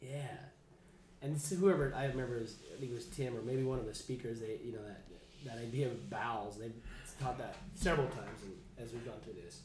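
A man's voice: medium pitch, brisk, darkish tone. A man leading an informal Bible study class, casual and chatty, often restarting his sentences. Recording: echoey room, faint background noise.

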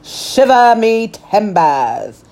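A woman voicing a loud, blustering male pirate captain in a children's storybook reading, with gruff pirate talk. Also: medium pitch, sing-song, very slow, voice pushed up, exaggerated voice. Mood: hearty.

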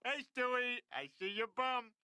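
A man voicing a loud, dim-witted cartoon father who bickers childishly. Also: extremely high pitch, normal speed, noisy background. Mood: bickering. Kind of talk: cartoon voice acting.

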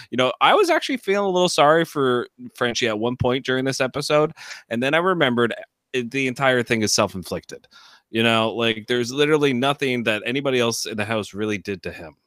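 A male podcast co-host talking casually about a reality show. His voice sits at an ordinary pitch and meanders, with fillers everywhere. He is recorded close and dry, with almost no room. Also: fairly bright tone, no room sound. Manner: rambling, fills with "like" and "you know". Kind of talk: casual reality-TV recap chat.

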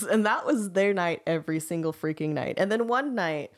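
A young woman retells a fairy tale to a friend at a moderate pace, her lowish voice expressive. She's giggly and rambling, laughing often and packing her storytelling with likes, ums, and other fillers.

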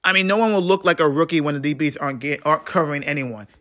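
A man hosting a solo sports podcast, ranting in frustration, swearing freely and swinging between low mutters and heated outbursts. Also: very fast, pushed and bright. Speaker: podcast host.

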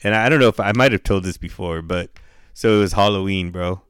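A man's voice: sits low, fairly quick, fairly bright tone, clean tone, dry recording, studio quality. Laid-back profane middle-aged man. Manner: profane, laid-back, full of "dude" and "bro", acts out quotes. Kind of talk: casual storytelling chat.

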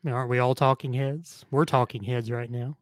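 A man's voice: medium pitch, steady tone, brisk, no room sound. A man co-hosting a podcast in casual chat, tossing in playful questions and wisecracks. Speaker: podcast co-host.

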